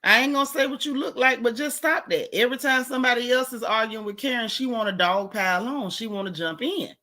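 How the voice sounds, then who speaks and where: A woman's voice: fairly high pitch, brisk. Sassy woman gossiping. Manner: sassy, animated, colloquial storytelling. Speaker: host of a live gossip stream. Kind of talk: casual gossip chat, greeting live chatters.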